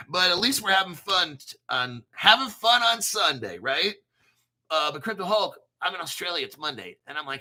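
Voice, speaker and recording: An American man hosts a crypto livestream, reading the chat and articles aloud in a hyped, brash, rambling style with some swearing. His voice is high and sharp, with lively intonation and a moderate pace.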